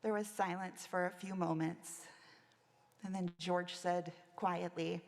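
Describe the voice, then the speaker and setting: Gravelly-voiced woman preaching in a church. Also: on the low side, fairly even intonation, slow. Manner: reflective storytelling. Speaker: minister. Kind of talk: sermon. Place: church sanctuary. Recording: long church reverb.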